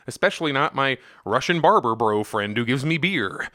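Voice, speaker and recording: Lively sarcastic man joking about music. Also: mid-range voice, moderate pace, no room sound, clean studio sound. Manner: sarcastic, jokey, self-mocking. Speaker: music vlogger. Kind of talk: comedic music commentary.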